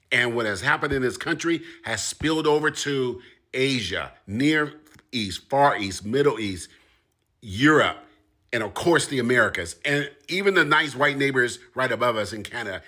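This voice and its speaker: Forceful man in a heated monologue. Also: medium pitch. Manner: forceful, rising and repeating for emphasis. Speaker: commentator. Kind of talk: impassioned direct-to-camera monologue.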